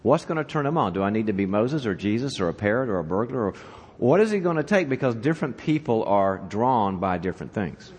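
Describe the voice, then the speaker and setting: A man's voice: lowish voice, a little fast, hardly any pauses, husky. Man, church leadership talk, audience questions, long reverb in a large hall. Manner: animated storyteller, conversational, asks the audience questions.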